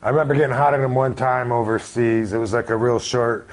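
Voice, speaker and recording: A man's voice: mid-range voice, steady tone, quick pace. Guest in his forties, laid-back rambling storyteller, mid-range voice. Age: 40s. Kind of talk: casual interview chat.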